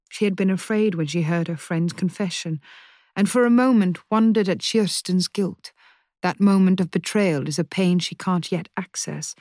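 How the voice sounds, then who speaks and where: A woman narrates a novel in a measured, even reading. She takes her time with each line. The recording is dry and close, with no room sound. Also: fairly low pitch, no echo. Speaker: audiobook narrator. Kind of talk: scripted narration.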